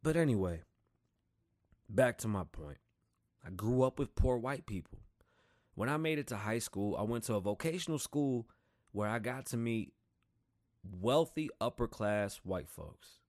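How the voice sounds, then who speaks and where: A man in his thirties hosting a casual monologue, telling stories in a profane, animated and rambling way. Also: on the low side, measured pace, long pauses. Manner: rambling, digressive. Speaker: podcast host.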